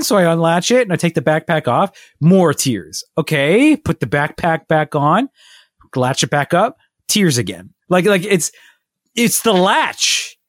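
Male co-host, 30s, rambling chatty storyteller, slightly high pitch, dry sound. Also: big pitch swings, unhurried, no echo. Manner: rambling storyteller, lots of fillers and laughs. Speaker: podcast co-host. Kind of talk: casual chat.

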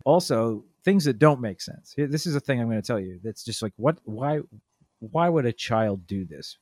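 A man's voice: medium pitch, animated, moderate pace, a little mellow, no echo, studio quality. A man in his thirties chatting casually on a podcast, telling a story and acting out the quoted lines with big jumps in his voice. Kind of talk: casual chat.

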